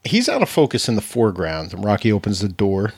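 A man's voice: lowish voice, very animated, quick pace, darkish tone, slightly rough, dry recording, clean studio sound. A man hosting a podcast, laughing often and steering the talk. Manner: laughs often, guides the discussion. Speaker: podcast host. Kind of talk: casual podcast chat.

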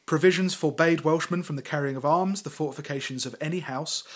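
A man's voice: fairly high pitch, brisk. A man with a slightly raised voice co-hosts a casual history podcast. He keeps it loose and jokey, drops the odd swear word and works through his notes at an easy conversational pace. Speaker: podcast co-host.

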